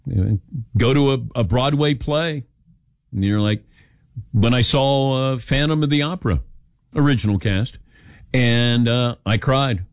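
A man's voice: medium pitch, a little slow, long pauses, no room sound, clean studio sound. An older man hosting a radio talk show, telling stories and acting out quoted lines in casual chat.

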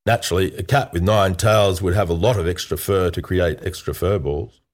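A man with a fairly low voice reads a comic pirate yarn aloud. His delivery is playful and tongue-in-cheek, in the manner of a scripted storybook narration. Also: moderate pace.

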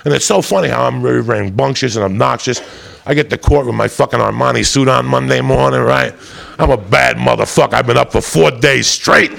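A man telling a profane stand-up story, rowdy and swinging into loud high-pitched outbursts. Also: fairly quick, gravelly. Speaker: comedian. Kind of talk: stand-up storytelling to a live audience.

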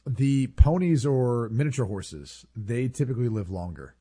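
A man's voice: mid-range voice, animated, moderate pace, mellow, breathy edge. A man co-hosting a casual podcast chat, easygoing and sharing trivia. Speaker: podcast co-host.

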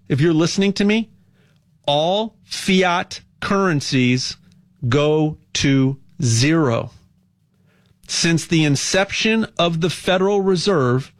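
A man with a somewhat raised voice talks through a loose promotional monologue as a host. He rambles and gets animated, stumbling and restarting his sentences before pressing on. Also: high-pitched. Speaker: host pitching gold buying.

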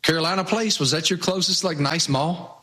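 A man with a Southwest Virginia accent, co-hosting a casual chat and telling stories in a folksy, drawn-out way. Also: on the high side, pushed and bright. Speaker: co-host.

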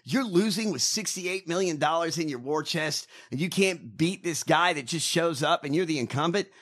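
A man's voice: fairly high pitch, animated, a bit bright. A man co-hosting a podcast, ranting in crude, mocking political banter. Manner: crude, mocking, rapid rants. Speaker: podcast co-host.

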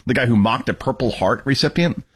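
A man's voice: mid-range voice, fairly quick, slightly rough. A man hosting a political talk radio show, mocking and emphatic in his commentary.

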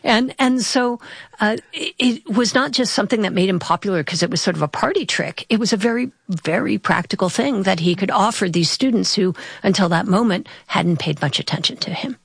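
A woman's voice: mid-range voice, expressive, fairly quick, gravelly, breathy edge, no echo, studio quality. A woman guest on a radio discussion, explaining things in a chatty way with frequent restarts. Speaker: guest commentator.

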